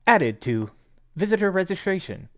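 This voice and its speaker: Brief: a man doing a calm construct assistant with clipped, formal, machine-like replies. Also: high voice, moderate pace, voice pushed up.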